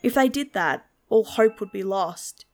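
A woman narrating a horror story in a slow, measured storytelling manner. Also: mid-range voice, animated.

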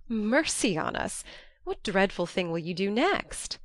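A woman voicing a spirited, impulsive young woman in an audiobook reading, speaking in an excitable, exclamatory way. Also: mid-range voice, slow pace, no echo, studio quality. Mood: excited. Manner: excitable, exclamatory, warmly scolding.

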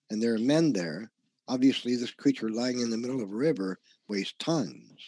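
A man's voice: mid-range voice, a little mellow, no room sound. A man presenting a slideshow lecture in an earnest, insistent way, often stumbling and restarting his words.

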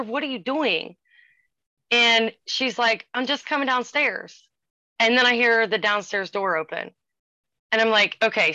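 A woman in her forties casually telling a ghost story, animated and acting out the voices of the people in it. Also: fairly high pitch, no echo. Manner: animated, acts out quoted voices. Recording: dull lo-fi sound.

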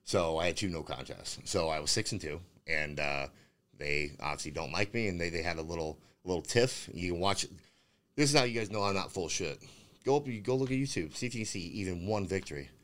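A man's voice: low-pitched, expressive, a little fast, fairly bright tone. A man, a fighter guest on a casual interview, rambling through stories with lots of swearing and fillers. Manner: rambling, profane storytelling with many fillers. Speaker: bare-knuckle fighter guest.

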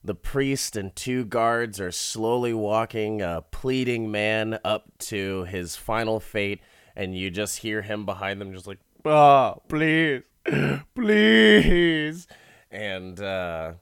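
A man talks his way slowly through a movie plot, cracking himself up and swearing loosely as he goes. His voice sits at an ordinary middle pitch and sounds dry and close to the mic. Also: fairly even intonation, smooth, no room sound. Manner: laughs often, swears freely, rambling. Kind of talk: casual movie recap.

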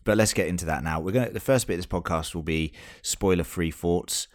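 Very low-voiced man joking on a podcast. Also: a little fast, dry recording, clean studio sound. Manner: swears freely, joking banter. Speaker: podcast co-host. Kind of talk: casual film podcast chat. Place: home in Australia.

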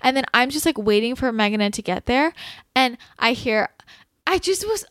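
A woman's voice: sits high, normal speed, no room sound. A young woman telling a dramatic story in casual chat, full of "like" and restarts. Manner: animated, fillers of "like", dramatic retelling. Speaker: storyteller guest.

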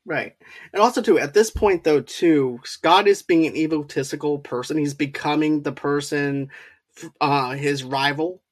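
A man's voice: on the high side, moderate pace. A man co-hosting a movie review podcast, retelling scenes at length with chuckles. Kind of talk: casual chat.

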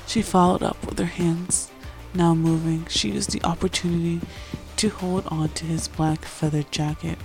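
Woman reading a romance story, low voice, chatty then steady, faint music underneath. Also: moderate pace. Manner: chatty, filler-heavy intro then steady narration. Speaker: fan fiction reader.

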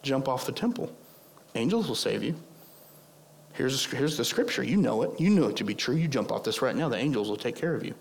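A hoarse man acting out a sly male devil who pushes and coaxes, in a sermon. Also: mid-range voice, big pitch swings, a little fast. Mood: coaxing. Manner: coaxing, pushy. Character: sly male devil tempting with smooth persuasion.

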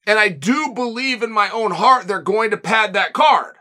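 Bright, high-voiced man firing rhetorical questions. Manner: rapid-fire rhetorical questions; emphatic and blunt. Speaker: host. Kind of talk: opinionated commentary monologue.

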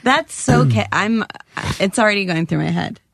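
Give me an enthusiastic woman with a gravelly voice. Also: mid-range voice, animated, normal speed. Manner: enthusiastic, frequent affirming interjections. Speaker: guest host. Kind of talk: casual interview chat.

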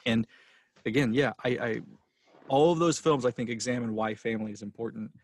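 A man's voice: medium pitch, a little fast. A man hosting a casual film podcast, talking passionately and rambling with restarts as he gets emotional. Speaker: podcast host.

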